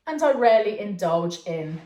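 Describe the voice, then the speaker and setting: Speaking at a normal speed, a woman with a warm, animated mid-range voice teaches English online; there's a little hiss or hum and the room echoes. She patiently explains and checks in with her learners using "okay" and "yeah."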